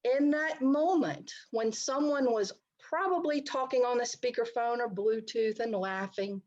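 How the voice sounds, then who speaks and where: A woman's voice: a little high, unhurried, darkish tone, dull audio. A middle-aged woman counselor giving an online talk, speaking conversationally and addressing her listeners directly. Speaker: licensed counselor presenting a talk. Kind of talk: online presentation to a society.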